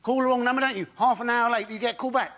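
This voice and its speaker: A man's voice: extremely high pitch, steady tone, rapid-fire, a bit bright. A man delivering wry jokes on a comedy panel show. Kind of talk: stand-up panel routine.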